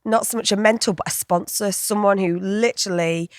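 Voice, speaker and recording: A woman's voice: mid-range voice, fairly even intonation, brisk, no room sound, clean studio sound. A woman in her fifties with a northern English accent, chatting as an interview guest, often laughing and restarting her sentences. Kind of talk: casual interview conversation.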